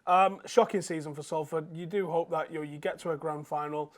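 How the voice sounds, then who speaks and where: A man's voice: fairly high pitch, steady tone, a little fast. A man, a podcast co-host, chatting casually and giving wry, exasperated commentary as a sports fan. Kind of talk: casual chat.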